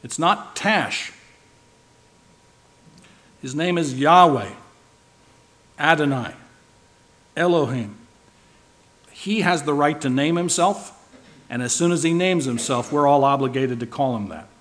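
Emphatic preacher man, slightly high voice. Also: lively intonation, takes it slowly, long pauses. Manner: emphatic, shifting loud and soft for stress; asks the listeners rhetorical questions. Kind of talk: sermon.

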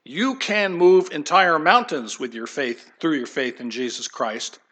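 A pastor preaching a conversational sermon, animated and folksy, acting out the voices he quotes. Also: fairly high pitch, measured pace.

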